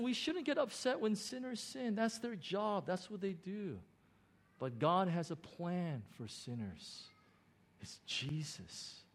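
A middle-aged male pastor preaching a sermon in a church, animated and excited, with frequent stammering restarts as he builds emphasis. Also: fairly high pitch. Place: church in Hong Kong.

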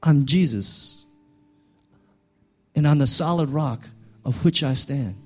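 A man voicing Jesus as calm and unbothered, speaking quietly to panicked disciples within a sermon. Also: fairly high pitch, slow, slightly rough, soft background music.

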